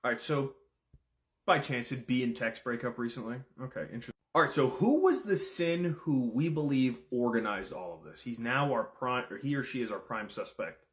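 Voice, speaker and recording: A man giving casual commentary, firing off questions and swearing freely. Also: medium pitch. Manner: rapid-fire questions, profane, excitable. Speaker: content creator.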